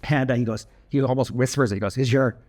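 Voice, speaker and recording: A man's voice: medium pitch, quick pace, a little mellow. Young man, casual vlog storyteller, chatty and self-deprecating, natural fillers. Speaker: video host telling a personal story.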